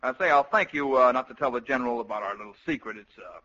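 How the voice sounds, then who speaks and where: A sly, scheming army colonel. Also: male voice, mid-range voice, lively intonation, a little hiss or hum. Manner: brisk, bossy, hushed and conspiratorial. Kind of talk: vintage radio comedy acting. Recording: lo-fi old radio recording.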